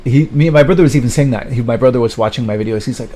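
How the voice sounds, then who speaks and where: A man rants bitterly in a rambling livestream monologue. His voice is dark and mellow, and he keeps stalling on fillers and restarts. A faint hiss sits under the recording. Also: racing, few pauses. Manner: mocks others in high put-on voices.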